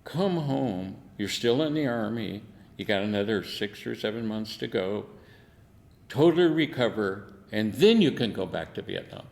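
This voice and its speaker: Older guy, lowish voice, salty army stories with lots of laughing, some room echo. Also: expressive, normal speed, vocal fry, a little mellow. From United States. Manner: salty, laughing anecdotes with acted-out quotes. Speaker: veteran interviewee. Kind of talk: oral history storytelling.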